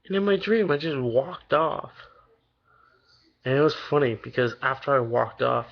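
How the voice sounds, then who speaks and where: A young man of eighteen talks straight to his audience in a loose, wandering vlog ramble, full of "like" and "you know" and casual swearing. His voice has a gravelly fry to it, and the audio sounds dull and lo-fi, like a cheap home setup. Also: mid-range voice. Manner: rambling, loose and profane, many fillers. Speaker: vlogger.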